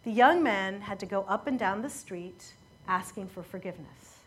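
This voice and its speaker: A woman preaching a sermon, telling a story in an earnest, measured way that often falls quiet at emotional moments. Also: mid-range voice, lively intonation, slightly rough.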